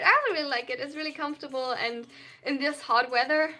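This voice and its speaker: A bright, forceful, high-pitched voice talks fast: a young adult non-binary streamer with a German accent. During the live stream, they earnestly read chat messages aloud and reply at length.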